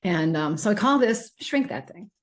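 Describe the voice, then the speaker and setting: A woman's voice: medium pitch, animated, moderate pace, slight background noise. A middle-aged woman hosting a casual podcast about herbal remedies, talking in a rambling, chatty way with many fillers and restarts. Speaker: host selling herbal remedies.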